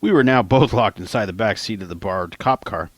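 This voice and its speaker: A man's voice: on the low side, fairly quick, dry recording. A man narrating his own novel as an audiobook in a plain, casual storytelling manner. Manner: plain, casual storytelling, quotes lines in lightly raised voices.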